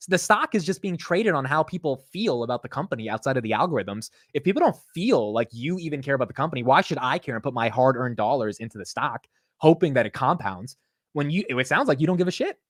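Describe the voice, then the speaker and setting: A man's voice: mid-range voice, expressive, fast, no room sound, clean studio sound. Blunt, opinionated male market streamer. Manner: blunt, opinionated, swears casually. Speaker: market commentary host. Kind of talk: casual livestream commentary.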